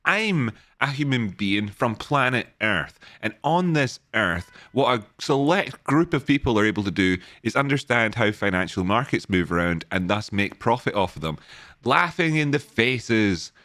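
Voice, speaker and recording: Bright-voiced playful man. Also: mid-range voice, sing-song, moderate pace. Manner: jokey, playful, rambling. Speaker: host of a live trading stream. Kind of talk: casual live-stream chat.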